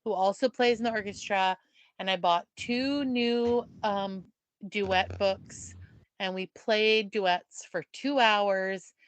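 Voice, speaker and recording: A woman co-hosting a podcast in casual chat, a playful and animated storyteller. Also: mid-range voice, takes it slowly, no echo. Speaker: podcast co-host.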